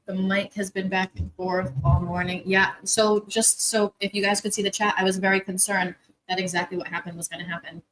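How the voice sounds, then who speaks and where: A woman's voice: mid-range voice, flat delivery, a little fast, fairly bright tone, low-quality recording. Woman co-host rambling on a livestream, messing with the tech. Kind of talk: casual livestream chat.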